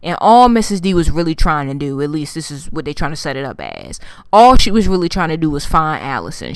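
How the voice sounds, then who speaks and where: A woman's voice: lowish voice, clear, resonant tone, dry recording, studio quality. Swearing woman recapping a TV episode. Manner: animated storytelling, heavy swearing, slangy. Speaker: TV recap vlogger. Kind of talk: casual profane TV episode recap.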